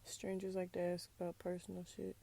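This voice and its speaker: Young woman hosting a casual solo podcast, sassy and candid, with a touch of fry in the voice. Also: fairly low pitch, completely flat delivery, brisk, mellow, a little hiss or hum. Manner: candid, sassy, drops into whispers for asides. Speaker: podcast host. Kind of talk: casual personal monologue.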